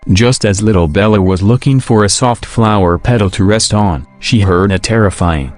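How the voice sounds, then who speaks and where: A man reading a children's storybook in scripted narration, in an even, measured way. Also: lowish voice, faint music behind.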